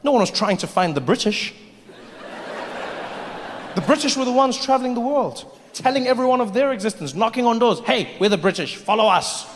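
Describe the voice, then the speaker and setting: A man from Africa doing stand-up comedy, animated and mocking as he builds to each punchline. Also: very high voice, fairly quick, long pauses, slight background noise. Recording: live hall with audience.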